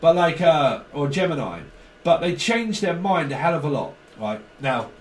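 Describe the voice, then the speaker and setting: A man's voice: on the high side, expressive, moderate pace, far from the mic. A man reading tarot in casual chat, acting out both sides of arguments and swearing freely. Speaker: tarot reader. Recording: echoey room, voice off-mic.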